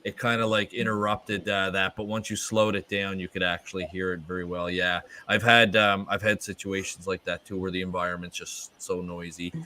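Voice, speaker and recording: A man's voice: deep voice, level tone, normal speed, few pauses, bright, forceful tone. A man hosting a podcast interview, asking curious, encouraging questions in a casual chat. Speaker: podcast host.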